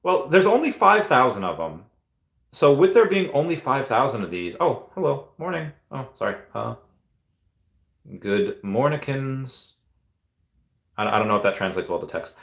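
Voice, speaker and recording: A man's voice: medium pitch, big pitch swings, vocal fry, a bit bright, roomy sound. A man in his thirties, originally from Peru, chatting casually on a live stream and reading out comments, rambling with many restarts. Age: 30s. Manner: rambling, halting, lots of restarts.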